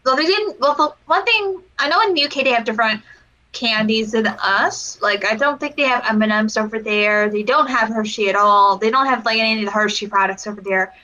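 A woman's voice: fairly high pitch, fairly quick, pushed and bright, low-quality recording. A woman co-hosting a casual podcast, rambling with lots of fillers as she reviews a wrestling match. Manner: rambling, giggly, full of fillers. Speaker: podcast co-host.

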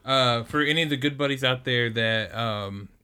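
A young man co-hosting a podcast in casual chat, giving relaxed, brief replies. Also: mid-range voice, normal speed, clear, resonant tone. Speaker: podcast co-host.

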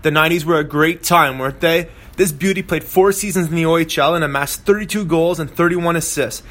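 A man's voice: a little high, a little fast, a bit bright. A man in his thirties, a podcast host reading a playful, jokey introduction. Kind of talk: scripted introduction.

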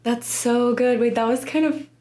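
A woman's voice: on the high side, fairly even intonation, moderate pace, dark tone, slight background noise. A young woman in her twenties, a student podcaster, chatting in a casual interview with many likes. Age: 20s.

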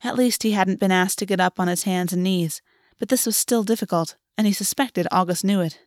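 A woman reading a fan fiction story aloud in a steady, even narration. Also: medium pitch, a little fast, dry recording, studio quality. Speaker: audiobook reader.

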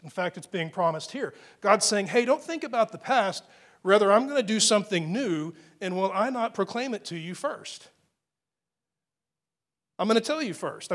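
A man's voice: on the high side, fairly bright tone. Emphatic male pastor preaching. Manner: emphatic, repeats key words, frequent restarts. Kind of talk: sermon.

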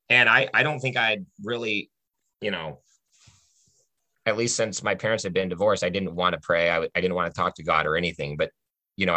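A man tells a personal story of faith in an earnest, chatty way, often pausing to ask "right?" His low voice is bright and forceful. The recording is dry and close. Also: dry recording.

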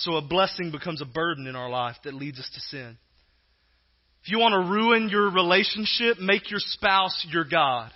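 A male pastor preaching an emphatic sermon, his voice rising loud and then dropping to a hush. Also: sits high, highs cut off. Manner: emphatic preaching, swinging between loud and hushed.

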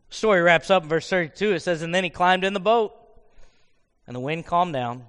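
Animated pastor, high voice. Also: male voice, fairly quick, smooth, big-room sound. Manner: animated storyteller who acts out voices. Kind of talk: sermon. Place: church sanctuary.

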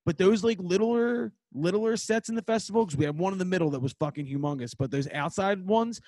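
A man's voice: high voice, brisk, darkish tone, no room sound, low-quality recording. Laid-back, swearing man, dry close sound. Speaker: podcast host and band member. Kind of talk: casual podcast chat.

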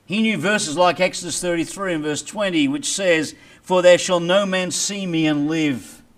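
A man preaching a sermon as pastor, reading scripture and building to loud dramatic peaks before dropping low. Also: moderate pace. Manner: dramatic preaching with big swings in loudness.

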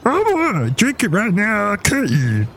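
A shrill, overly cheerful root beer maker who presses his drink on everyone and swings between high squeals and sudden lows, as a man puts him on. The voice sits far above an everyday man's pitch and leaps wildly. Sing-song and pushy, with a hint of menace. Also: huge pitch swings, measured pace, vocal fry, a bit bright, slight background noise, heavily acted. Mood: pushy cheery.

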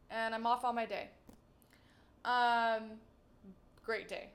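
A woman's voice: on the high side, slow, long pauses, fairly bright tone. A young woman hosting her own podcast, chatting casually while walking around her kitchen, swearing freely and acting out what she and others said. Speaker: podcast host. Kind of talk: casual solo podcast chat.

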